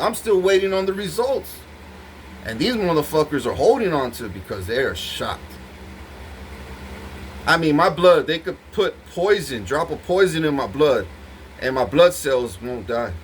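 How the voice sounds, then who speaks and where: The audio is poor, with slight background noise, as a man with a higher-pitched voice faces the camera and rants at his partner. His monologue is intense and rambling, packed with swearing.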